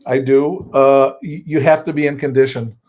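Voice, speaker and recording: A man's voice: mid-range voice, steady tone, normal speed, darkish tone. Older man coaching with folksy repetition. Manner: folksy, repeats points for emphasis. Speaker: judo coach and co-host. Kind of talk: casual coaching talk.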